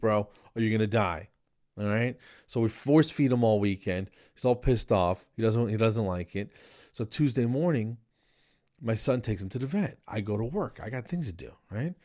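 A man from New Jersey hosting a podcast, telling a comic story in an animated, exasperated way and acting out the dialogue. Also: mid-range voice. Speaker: podcast host.

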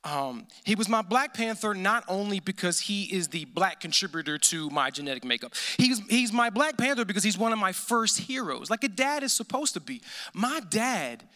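A pastor delivering a sermon, emphatic and repeating phrases, often dropping to a hushed, intense tone. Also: male voice, sits high, sing-song, normal speed.

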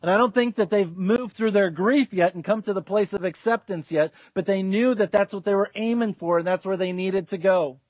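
Pastor, man, high pitch, earnest sermon delivery, dry close recording. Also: normal speed, few pauses, a little mellow, dry recording. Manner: earnest, acts out quoted voices, restarts with fillers.

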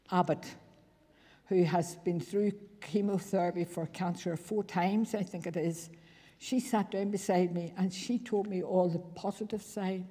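A woman's voice: fairly low pitch, dark tone. An older Northern Irish woman giving a personal testimony at church, telling her story earnestly in plain everyday words. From Northern Ireland. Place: church fellowship hall. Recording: reverberant church hall recording.

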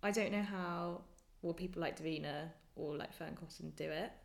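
A woman's voice: fairly low pitch, moderate pace, gravelly. A woman hosting a casual chat, laughing often and prompting her guest with short replies. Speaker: host.

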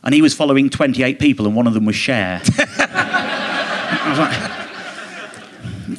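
A man, a comedian guest, telling a rambling, indignant anecdote with quick mimicked quotes in casual talk on a theatre stage. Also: a little high, expressive, noisy background. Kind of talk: casual anecdote in a live podcast interview.

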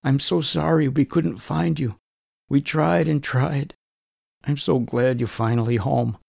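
A man voicing a grieving elderly aunt who speaks gently and tearfully, in a spoken story. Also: mid-range voice, fairly even intonation, measured pace, vocal fry, dry recording, clean studio sound, pitched above the performer's own voice. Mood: tender.

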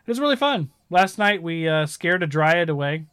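A man chatting casually about games, rambling and animated as he tells stories. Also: a little high, moderate pace, clear, resonant tone, dry recording, clean studio sound. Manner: rambling, animated storytelling with laughs.

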